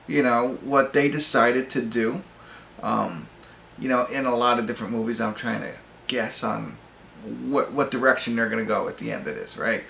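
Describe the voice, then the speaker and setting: A man's voice: mid-range voice, creaky, a bit bright, echoey room, a little hiss or hum. A man giving a casual, rambling movie review, full of fillers and restarts. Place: pub.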